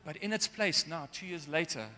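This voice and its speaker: A man's voice: on the high side, moderate pace, bright, forceful tone. A man preaching a sermon in an earnest way, sometimes getting emotional. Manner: earnest, gets emotional at times. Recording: long hall reverb.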